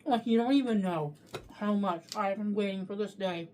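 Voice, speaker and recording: A woman's voice: medium pitch, normal speed, darkish tone, slight background noise. A woman reviewing takeout food on camera in a casual, profane way, talking while she eats and ranting freely. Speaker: food vlogger.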